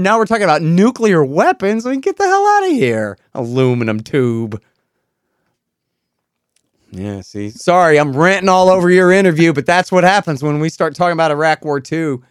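A man hosting a political interview, ranting sarcastically and swinging from quiet asides to loud outbursts. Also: sits high, clear, resonant tone, dry recording, clean studio sound. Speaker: host.

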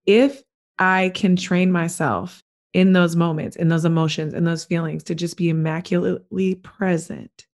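A woman's voice: fairly low pitch, fairly even intonation, normal speed, a little mellow. A woman hosting a podcast, chatting casually and enthusiastically, often saying "like". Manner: enthusiastic, heavy use of "like". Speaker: podcast host.

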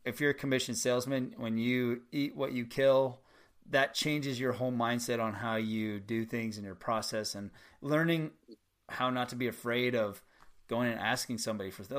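A man in sales telling a story in casual chat, acting out the other people's lines. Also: medium pitch. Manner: animated storyteller, acts out dialogue. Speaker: salesman guest.

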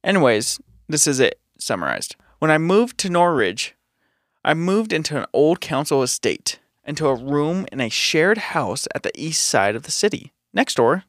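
A man hosting a podcast, reading a listener's ghost story in a steady, matter-of-fact way. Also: fairly high pitch, moderate pace, no echo, clean studio sound. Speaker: podcast host.

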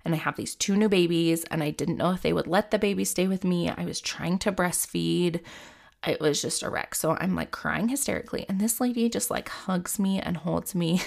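Lively gravelly woman telling a story. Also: on the low side. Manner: rambling, candid, many "like" fillers. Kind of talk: casual personal storytelling.

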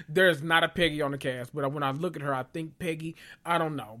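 Man, podcast host, casual chat, opinionated, animated, fairly high voice. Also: brisk, hardly any pauses. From Southern United States. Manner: animated, opinionated, dramatic swings in pitch.

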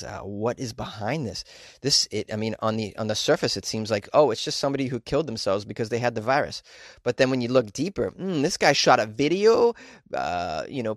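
A man's voice: medium pitch, dry recording, clean studio sound. A man hosting a casual show, reading news stories aloud and chatting about them with joking asides and many fillers. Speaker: host reading and commenting on news.

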